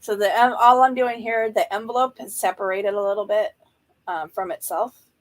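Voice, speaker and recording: A woman talks her way through a hands-on craft project in a relaxed, chatty way. She explains steps as she works and keeps up a loose running commentary. Her voice sits at an ordinary middle pitch. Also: moderate pace, poor audio. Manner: relaxed, chatty, thinking aloud while working. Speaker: journaling crafter. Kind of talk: casual craft tutorial chat.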